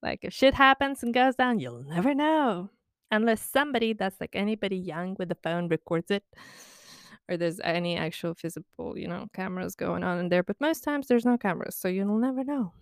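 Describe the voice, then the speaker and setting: Young woman, casual ranting host, sarcastic and foul-mouthed; smooth tone, dry recording. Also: mid-range voice, expressive, fairly quick, dry recording. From Baltics. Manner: blunt, swearing, laughing, sarcastic. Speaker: podcast host. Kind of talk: casual monologue.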